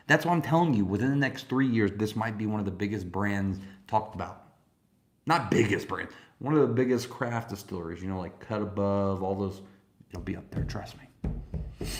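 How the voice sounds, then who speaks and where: Man with a low voice, laid-back host of a tasting stream, swears freely and talks straight to his viewers. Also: fairly quick. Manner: relaxed, profane, chatty, answers viewers. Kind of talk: casual live chat.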